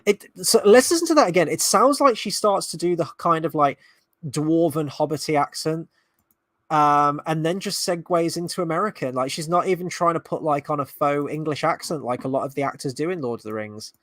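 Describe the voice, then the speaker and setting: A man's voice: a little high, lively intonation, fairly quick, fairly bright tone, dry recording. A man hosting a fan reaction video, talking casually with sarcastic, exasperated commentary and frequent swearing.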